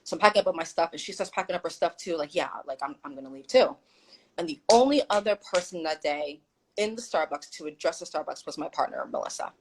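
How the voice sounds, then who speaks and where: A woman's voice: low voice, fast talker, slight background noise, low-quality recording. A woman guest telling a story in casual chat on a video call, acting out what people said. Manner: animated, acts out quoted dialogue.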